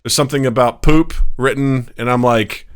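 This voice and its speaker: A man's voice: mid-range voice, steady tone, normal speed, clean tone. A man co-hosting a podcast in casual chat, telling stories animatedly and acting out quotes. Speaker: podcast co-host.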